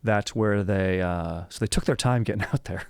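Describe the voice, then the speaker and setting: Casting: young male podcast host, low gravelly voice, dry close mic, loose joking delivery. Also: normal speed, dry recording. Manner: rambling, joking, self-interrupting. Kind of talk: casual history podcast chat.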